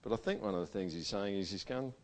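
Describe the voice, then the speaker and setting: Pastor, conversational and emphatic. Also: male voice, on the low side, fast. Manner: conversational, swings from loud emphatic to quiet and intimate. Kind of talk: sermon. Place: church gathering.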